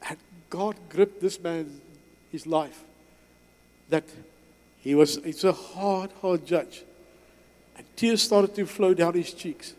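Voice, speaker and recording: A man, telling a personal story to an audience in earnest, halting short phrases. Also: sits high, darkish tone. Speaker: guest speaker. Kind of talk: personal testimony talk. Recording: long reverb in a hall.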